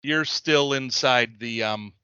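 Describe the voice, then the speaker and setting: A man narrating a tabletop game as its game master, with a bright, forceful voice. He rambles, pauses on fillers and laughs between thoughts. The sound is dry and a bit dull. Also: mid-range voice, clear, resonant tone, dry recording.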